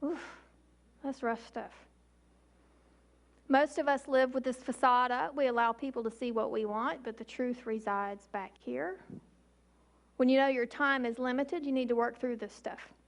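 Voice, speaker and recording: An emergency physician in her forties gives a forceful public talk, pausing slowly and deliberately. Her voice sits high, and her intonation stays fairly even.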